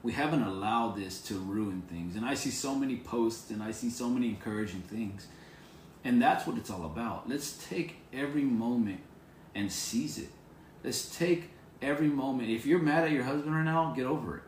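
A man's voice: medium pitch, normal speed, echoey room, slight background noise. A man preaching an informal devotional sermon to viewers on camera, earnest and encouraging, repeating his phrases. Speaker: pastor.

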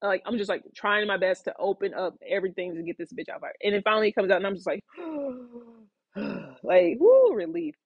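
Woman host, loose chatty monologue full of fillers and restarts; breathy tone, close and dull. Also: medium pitch, steady tone, rapid-fire, hardly any pauses, no room sound. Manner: rambling, frequent fillers and restarts, acts out quotes. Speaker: podcast host. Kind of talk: casual storytelling monologue.

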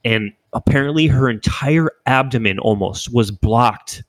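A man's voice: medium pitch, a little slow, dry recording. A young man hosting a podcast, telling an emotional story in a rambling casual way with frequent swearing. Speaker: podcast host. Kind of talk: casual chat.

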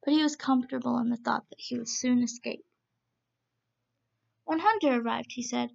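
Gravelly woman reading a storybook. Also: a little high, normal speed, long pauses, dull audio. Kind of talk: reading a children's story aloud.

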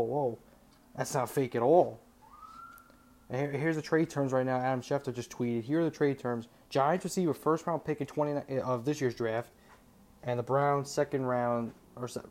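A young man hosting a solo sports show, talking excitedly about breaking football news, often stammering and restarting his sentences. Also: mid-range voice. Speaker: sports podcast host.

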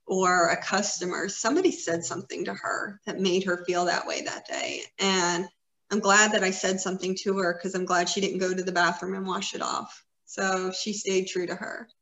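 A woman's voice: medium pitch, lively intonation, moderate pace, fairly bright tone. Fifties woman, earnest chatty podcast co-host, encouraging; echoey room. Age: 50s. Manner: earnest, encouraging, rambling with fillers. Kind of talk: casual conversation. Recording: roomy echo.

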